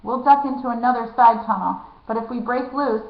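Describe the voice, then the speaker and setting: A woman voicing a wary streetwise boy who talks in hushed, urgent slang. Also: on the high side, a little fast, close to an everyday voice. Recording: echoey, dull lo-fi room.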